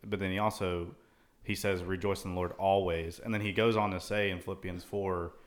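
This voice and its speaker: A man's voice: low voice, level tone, a little fast. A man co-hosting a casual Christian talk show, thoughtfully quoting and explaining scripture at length. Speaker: co-host. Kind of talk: casual Bible discussion.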